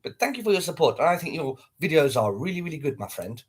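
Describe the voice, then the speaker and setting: Husky high-voiced man chatting on a livestream. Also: sing-song, quick pace. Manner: chatty, addresses viewers directly. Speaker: livestream host. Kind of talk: casual livestream chat.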